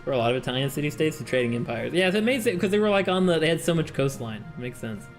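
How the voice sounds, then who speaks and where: A man's voice: a little high, very animated, very fast, soft background music. A man streaming a game with his chat, chatting casually, laughing often and reading game text aloud. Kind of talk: casual livestream chat while playing a game with chat.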